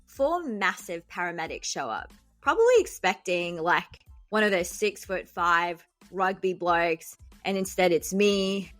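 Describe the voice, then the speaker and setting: A woman's voice: on the low side, expressive, measured pace, fairly bright tone, no room sound. A young woman hosting a podcast, telling a dramatic story with jokes at her own expense. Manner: joking, self-deprecating, dramatic. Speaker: podcast host and doctor. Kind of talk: comic storytelling monologue. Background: faint background music.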